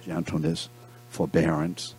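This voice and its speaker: A man's voice: a bass voice, measured pace, slight background noise. A man teaching a Bible lesson to a class, telling stories with jokes and calling on his students by name. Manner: animated, joking storyteller who calls on students by name.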